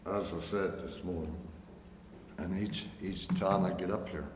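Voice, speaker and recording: Slow, earnest male preacher. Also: deep voice, steady tone, noisy background. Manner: slow, earnest, rising to emphatic questions. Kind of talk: sermon with invitation. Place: church sanctuary. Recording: echoey hall, long reverb, faint ambience.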